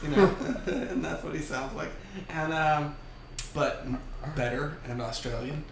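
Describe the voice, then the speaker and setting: Male podcast co-host, slightly high voice, jokey and laughing, echoey room recording with faint noise. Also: a little slow, vocal fry. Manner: joking, laughs often. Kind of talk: casual chat. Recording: roomy echo, faint noise.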